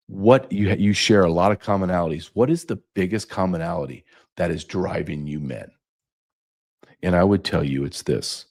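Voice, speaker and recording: A middle-aged podcast host's voice is low, gravelly, and a little mellow, moving at a normal speed. He's delivering an impassioned monologue that's angry, profane, and loaded with rhetorical questions.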